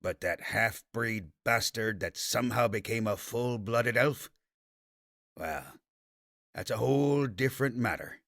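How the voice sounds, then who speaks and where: A man's voice: medium pitch, animated, measured pace, fairly bright tone, dry recording. A scornful, arrogant nobleman's son, voiced by a male narrator from a fantasy audiobook. He talks with sneering contempt. The recording is dry and close-miked.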